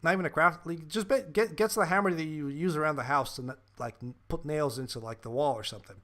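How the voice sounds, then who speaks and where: A man's voice: fairly high pitch, fast talker, fairly bright tone. A man hosting a podcast, ranting profanely and animatedly about a film in casual chat, with lots of fillers. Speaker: podcast host.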